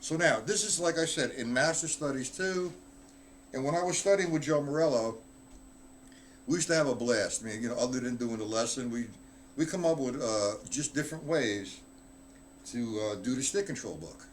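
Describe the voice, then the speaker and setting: A man's voice: mid-range voice, normal speed, a little hiss or hum. A man giving a live drum lesson, talking bluntly and offhand while he counts out stickings aloud. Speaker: drum teacher.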